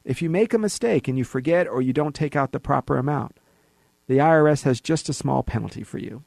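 A man's voice: medium pitch, a little fast, vocal fry, no room sound. A man hosting a financial radio show, talking to listeners in an emphatic, folksy way. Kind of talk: conversational radio monologue.

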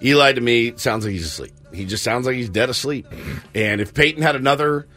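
A man's voice: mid-range voice, fairly quick. A man co-hosting a sports radio show, joking and laughing in casual banter. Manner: animated, joking, laughs often.

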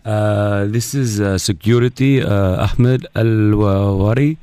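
A man's voice: on the low side, steady tone, slow pace, dark tone, smooth, no echo, pitched below the performer's own voice. A radio host playing a hesitant male security officer on a prank call, stalling with many uhs. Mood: stiff official.

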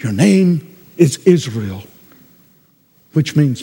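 Pastor guy preaching, high lively voice, slow and emphatic, lots of repeating, big echo tail. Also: gravelly, slightly rough. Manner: emphatic, repetitive preaching with sudden loud cries. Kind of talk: sermon.

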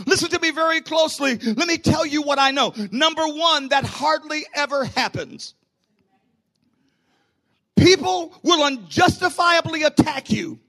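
A man preaching a sermon to his church, rising into shouts and falling to a hush. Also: very high voice. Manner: preaching with sudden shouts and hushed drops. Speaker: pastor.

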